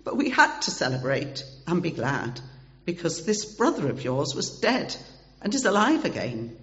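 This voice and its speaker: A man reading a scripture passage aloud in an expressive way. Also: fairly high pitch, normal speed. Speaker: scripture reader. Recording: dull recording in a long-echo hall.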